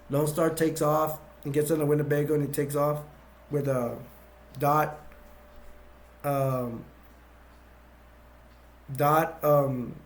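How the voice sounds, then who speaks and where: A man's voice: a little high, little pitch movement, slow, long pauses, slight background noise. A man casually retelling movie scenes scene by scene, rambling and restarting as he goes. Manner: rambling, full of fillers and restarts. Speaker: movie reviewer.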